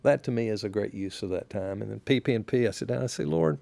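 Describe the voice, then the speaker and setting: Gravelly-voiced man, relaxed pastor chat. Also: fairly low pitch, no echo. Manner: reflective, unhurried, with frequent restarts. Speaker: pastor, podcast guest. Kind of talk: relaxed conversational storytelling.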